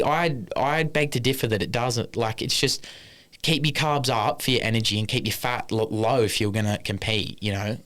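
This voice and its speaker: A man's voice: medium pitch, moderate pace, fairly bright tone. A man co-hosting a podcast, chatting casually and rambling through numbers, swearing now and then. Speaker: podcast co-host. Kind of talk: casual chat.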